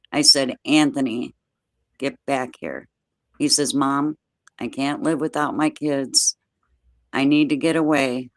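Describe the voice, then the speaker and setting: An older woman, a guest, telling a personal story in plain, steady words with everyday dialect grammar, speaking from home over a video call. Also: deep voice, dry recording.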